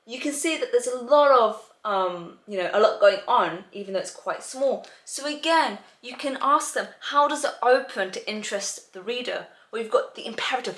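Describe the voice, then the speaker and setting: A woman's voice: on the high side, fairly bright tone. A woman tutor explaining to parents how to prepare children for reading exams, talking in a chatty way full of "um" and "you know". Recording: roomy echo.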